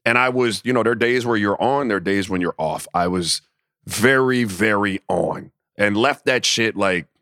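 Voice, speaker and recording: A man's voice: fairly low pitch, moderate pace, a bit bright, dry recording, clean studio sound. A middle-aged man, a co-host and former pro player, chatting on a podcast in a laid-back, reflective, profane way. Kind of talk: casual podcast chat.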